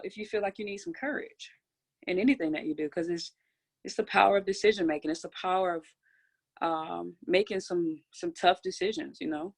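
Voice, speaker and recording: A woman hosting a motivational group conference call, urging listeners with energetic, repetitive, preacher-like phrasing and call-and-response, speaking into a phone or computer mic. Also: lowish voice.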